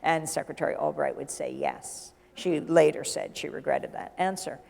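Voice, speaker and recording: A middle-aged woman journalist, a guest in an onstage conversation, telling a lively anecdote and acting out the dialogue. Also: deep voice, moderate pace, gravelly. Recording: long hall reverb.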